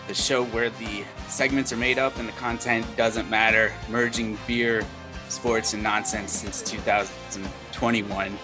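A man hosting a casual sports podcast, upbeat and quick to laugh. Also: on the low side, little pitch movement, music in the background. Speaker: podcast host. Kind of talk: casual chat.

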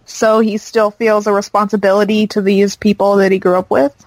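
A woman's voice: medium pitch, flat delivery, fairly quick, a little mellow, dry recording, low-quality recording. A woman co-hosting a podcast, recapping a show in casual chat with lots of fillers. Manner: rambling recap with fillers, laughs easily.

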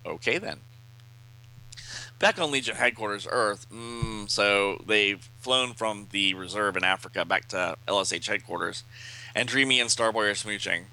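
Bright-voiced man recapping a comic. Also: lowish voice, moderate pace, smooth, rough recording. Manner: animated, reads out all the dialogue and puts on voices. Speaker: podcast host reading a comic aloud. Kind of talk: casual comic read-along.

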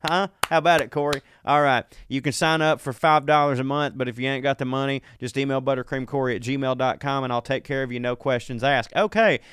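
A man's voice: mid-range voice, steady tone, a little fast, few pauses, fairly bright tone, clean tone, no room sound, clean studio sound. A man with a Southern US accent, co-hosting a comedy podcast in a casual, joking, folksy way as he reads listener emails aloud. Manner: joking, folksy, self-mocking.

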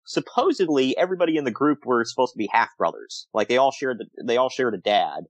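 This wrestling-podcast co-host talks fast in a mid-range voice, reliving old shows with frequent laughter and acted-out quotes. The recording is dry and the audio poor.

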